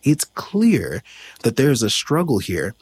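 A man's voice: medium pitch, huge pitch swings, slow pace, a little mellow, breathy edge. Reflective man telling his story. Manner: reflective, searching for words. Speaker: interview guest. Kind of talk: personal storytelling in an interview.

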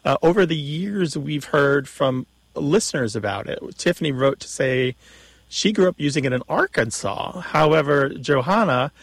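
Male radio co-host, gravelly, dry studio sound, explanatory. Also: on the high side, animated, normal speed, no echo. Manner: knowledgeable, explanatory, with restarts. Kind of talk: call-in radio chat. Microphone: studio mic.

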